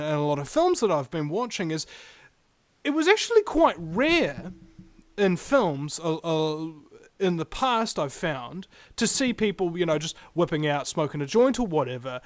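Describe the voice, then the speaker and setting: A man hosting a radio talk show, talking in a rambling, animated way with many fillers. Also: on the high side, no room sound. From New Zealand. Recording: radio broadcast.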